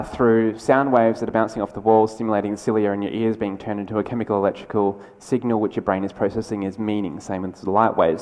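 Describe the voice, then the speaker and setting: A man giving a conversational, energetic conference keynote, with quick asides and restarts. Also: on the low side. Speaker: keynote speaker. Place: large lecture hall. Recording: lecture hall with long reverb.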